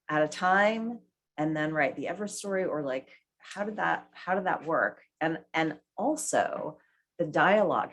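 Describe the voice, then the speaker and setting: A woman with a fairly low voice leads the conversation as the interviewer. She asks engaged questions and keeps the talk going with small words of agreement. Her delivery is plain and conversational. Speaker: interviewer, fellow writer. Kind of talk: live bookstore conversation.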